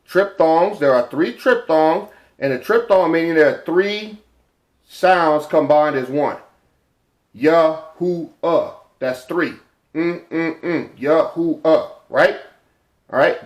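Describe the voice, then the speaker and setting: A man teaching informally from a chart, halting often with repeated fillers and sounding out letters and syllables. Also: on the high side. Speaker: religious teacher.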